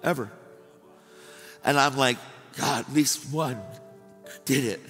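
A man preaching live in a big reverberant hall, his voice catching between tears and laughter as he tells his stories. Faint music sits under his words. His pitch is mid-range for a man. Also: slow pace, fairly bright tone. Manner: emotional, tearful, laughing between lines. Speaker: preacher hosting a revival night. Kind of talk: sermon.

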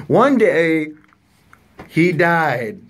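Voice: medium pitch, fairly bright tone. A young adult in casual chat with friends, giggly and teasing, who tells crude jokes and loses track of stories.

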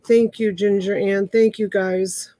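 A woman's voice: medium pitch, little pitch movement, a little slow, dark tone, no room sound. A woman in her fifties hosting a live online auction from home, chatting with viewers by name as she calls out bids. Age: 50s. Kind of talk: casual live-stream auctioneering.

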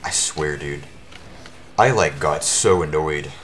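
A man giving live commentary over his own speedrun, his voice worn from shouting, talking at the game in exasperated outbursts. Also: a bass voice, slow pace, a little hiss or hum.

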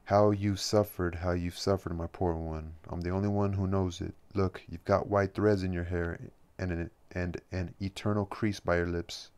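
A man's voice: sits low, little pitch movement, normal speed, few pauses, a little mellow, smooth, close to an everyday voice. A man reading the lines of a passionate woman who has become a witch, fervent and impulsive, in an audiobook. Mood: tender.

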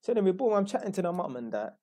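A man's voice: sits high, sing-song, racing, dark tone. A young man with a London accent telling a rambling, slangy story in a blunt, casual way. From London, England. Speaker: YouTuber.

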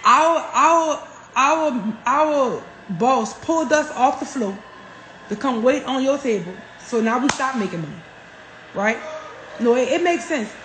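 A woman, telling stories on a phone livestream in a profane, animated way. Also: sits high, a little slow, slight background noise. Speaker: livestream host. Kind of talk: casual livestream rant. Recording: roomy echo.

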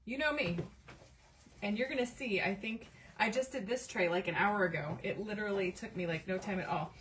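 A woman's voice: mid-range voice, brisk, a bit bright, recorded from a distance, slight background noise. A woman hosting a casual craft live stream from her home craft room, chatting with viewers and reading their comments aloud while she works, with lots of fillers. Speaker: livestream craft host.

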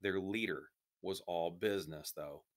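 Low-voiced male reader, steady storybook narration for kids. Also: a little slow. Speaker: reader of a children's novel. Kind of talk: reading a story aloud.

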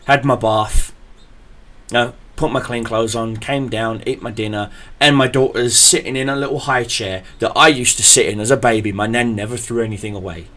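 A man hosting a podcast, telling a story in a profane, animated way. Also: mid-range voice, normal speed. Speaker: podcast host. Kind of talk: casual podcast chat.

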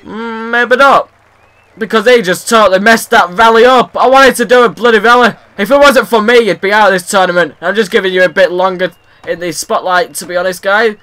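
A young man giving rambling, excitable commentary over his own gameplay and shouting at the game. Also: high voice, fast, hardly any pauses. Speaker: gaming video host.

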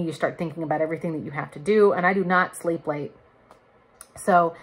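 A woman in her thirties chatting candidly to camera in a casual vlog, laughing now and then. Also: on the low side. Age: 30s. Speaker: vlogger. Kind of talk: casual chat.

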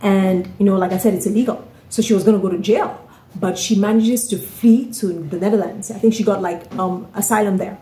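A woman's voice: medium pitch, fairly even intonation, a little fast, dark tone. A woman telling a story in a casual vlog, chatty, often asking "right?" and "you know". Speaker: author and vlogger. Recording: roomy echoey room.

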